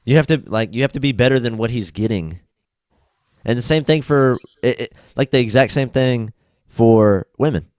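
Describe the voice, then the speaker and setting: Animated young man, dry close sound. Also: medium pitch, normal speed, no room sound. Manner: animated storyteller, acts out quotes in voices; profane, loose. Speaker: podcast host. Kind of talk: casual podcast chat.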